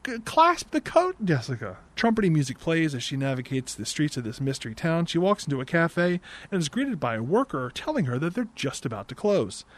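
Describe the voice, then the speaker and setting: A young man recapping a movie in a sarcastic, exasperated comedic rant into a desk microphone on a boom arm, swearing now and then. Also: very animated, a little fast. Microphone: desk mic on a boom arm.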